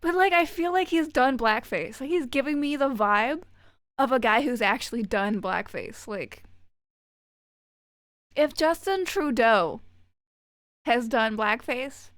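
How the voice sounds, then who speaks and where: A woman streamer reads out chat messages and riffs on them, sarcastic, swearing freely and laughing often. Her voice is a bit high and sounds close and dry, with no room around it. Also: animated, a bit bright, dry recording. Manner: sarcastic, profane, quick to laugh. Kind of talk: casual chat with viewers.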